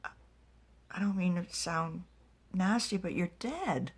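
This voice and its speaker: A woman's voice: on the low side, slow pace, slightly rough. A woman voicing a confused, hesitant young woman in a dream, in a whispered role-play. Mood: uneasy.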